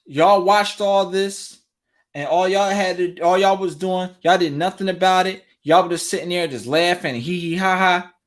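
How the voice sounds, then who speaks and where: A man hosts a talk show and gives casual commentary straight to his viewers. He is animated and repeats phrases over and over for emphasis. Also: sits high. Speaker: relationship talk show host.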